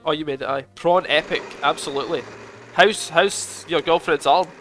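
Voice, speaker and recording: Excitable swearing streamer. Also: male voice, on the high side, normal speed. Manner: excitable, swears, chats with viewers. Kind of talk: casual live gaming commentary. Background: game music.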